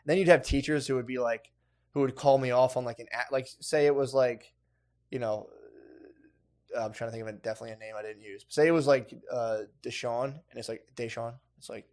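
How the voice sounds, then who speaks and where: A man in his thirties, co-hosting a comedy podcast, trades stories in loose, profane chat at an ordinary mid pitch. He keeps breaking into laughter as he goes. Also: steady tone, a little fast, darkish tone. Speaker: podcast co-host.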